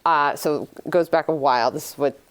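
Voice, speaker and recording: Middle-aged woman host, low-pitched; relaxed, low-key anecdote teller. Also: normal speed, clear, resonant tone. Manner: low-key, frequent murmured backchannels, relaxed storytelling. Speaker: podcast host. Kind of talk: casual chat and anecdote.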